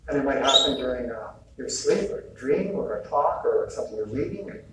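Expressive and brisk, a mid-range male retreat speaker gives a relaxed talk about healing, laughing a lot and dramatizing dialogue. The recording is very noisy, captured by a distant mic in an echoey hall with faint ambience.

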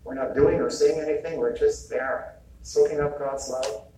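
At a moderate pace and in a steady, mellow, slightly high voice, a retreat speaker talks informally about spiritual healing, chuckling often and acting out dialogue. A distant hall mic makes it echoey, with faint ambience.

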